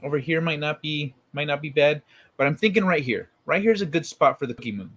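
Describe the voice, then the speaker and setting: A man's voice: a little high, a little fast, fairly bright tone. A man live-streaming, chatting casually with viewers and telling stories in a rambling, profane way.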